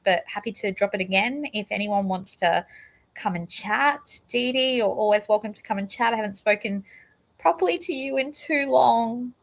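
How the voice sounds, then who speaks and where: A woman with an Australian accent with a slight British touch, hosting a casual livestream chat from home in a rambling, chatty way that sometimes gets tongue-tied. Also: medium pitch. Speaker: livestream host.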